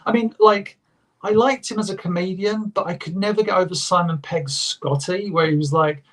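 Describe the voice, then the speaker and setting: A man talking on a live panel, his voice sitting a touch higher than most. He stops and restarts his sentences often as he thinks aloud. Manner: halting, restarts often, laughs easily. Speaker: guest. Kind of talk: casual panel chat.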